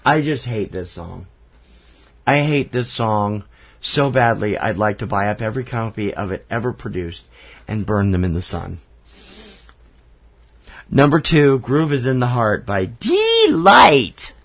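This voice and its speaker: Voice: medium pitch, big pitch swings, unhurried, pauses often. A co-host in casual chat, blunt and emphatic in their opinions. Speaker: podcast co-host.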